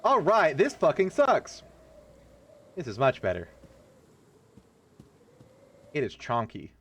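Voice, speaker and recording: A man's voice: wildly swooping pitch, slow pace, slight background noise. A man streaming a horror game, talking casually and profanely while he plays. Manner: loose, profane running jokes with sudden pitch jumps. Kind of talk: casual gameplay commentary.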